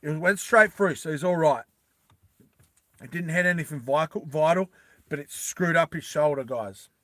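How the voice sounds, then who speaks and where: Man, casual storytelling, rambling, bright voice, dry close sound. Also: fairly high pitch, moderate pace, no echo. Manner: rambling, animated, with many fillers.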